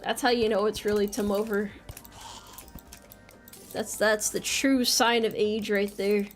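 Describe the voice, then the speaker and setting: A woman's voice: medium pitch, fairly even intonation, a little slow, faint music behind. A young American woman streaming a game, chatting casually and playfully, reading chat messages aloud and joking about herself. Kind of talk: casual live-stream chat while gaming.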